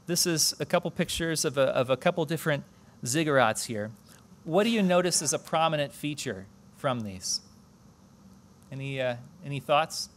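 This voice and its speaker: A man's voice: fairly high pitch, expressive, normal speed. A man preaching a conversational sermon at a church service, explaining scripture and asking the congregation questions.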